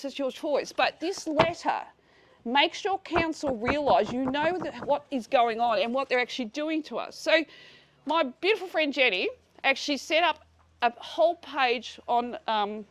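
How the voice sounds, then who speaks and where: A woman in her sixties telling a group about her dispute, blunt and animated, swearing freely and acting out conversations. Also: sits high. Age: 60s. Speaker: speaker at a community meeting. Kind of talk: casual storytelling to a live group.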